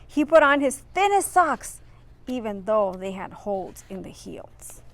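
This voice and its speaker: A woman's voice: on the high side, very animated, a little slow, a bit bright. A woman reading a children's picture book aloud expressively, adding friendly asides for her listeners. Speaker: reader.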